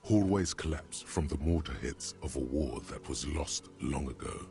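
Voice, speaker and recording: A man voicing a brooding, deadpan inner-voice narrator in a video game, deep and measured. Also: gravelly. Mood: somber. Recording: game audio with music playing.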